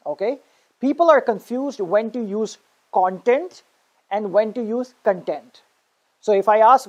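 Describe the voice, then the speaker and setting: A woman's voice: mid-range voice, a little mellow, muffled recording. Patient woman teaching pronunciation. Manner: patient, repeats words with contrasting stress, frequent "okay?". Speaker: spoken English teacher. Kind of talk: online pronunciation lesson.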